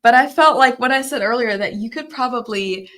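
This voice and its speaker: A woman's voice: a little high, a little fast, fairly bright tone. A German woman with a German accent, a guest on a podcast, explaining thoughtfully in casual conversation.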